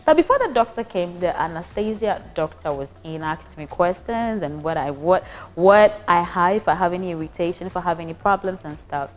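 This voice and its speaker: A young Ghanaian woman casually recounting her hospital stay as a patient, animated and prone to restarts. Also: fairly low pitch, a little fast, faint music behind. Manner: animated, acts out voices, frequent restarts. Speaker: patient giving a testimonial. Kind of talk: casual storytelling.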